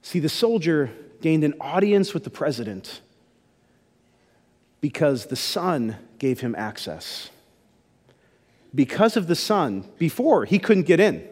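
A man's voice: a little high, sing-song, slow, pauses often, a little mellow, long reverb tail. A man pastor giving a sermon in a casual, conversational storytelling way.

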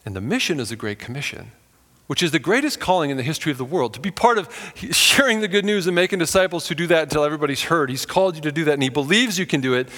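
A man's voice: a little high, lively intonation, very fast, sharp tone, in a large hall. A man preaching a sermon as pastor, earnest and conversational, acting out quotes as he goes.

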